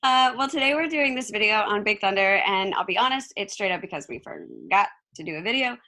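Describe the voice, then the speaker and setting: A woman co-hosting a casual podcast chat, her voice hoarse from screaming, talking in a giggly, rambling way. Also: mid-range voice, very animated, fairly quick, bright, forceful tone. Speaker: podcast co-host.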